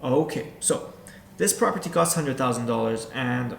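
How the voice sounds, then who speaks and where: A man's voice: mid-range voice, expressive, moderate pace, creaky, a little hiss or hum. Direct-talking man in an echoey room. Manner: direct, repetitive, addresses viewer as you. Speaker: real estate investor and coach. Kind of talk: instructional talk to camera. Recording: echoey room with faint background ambience.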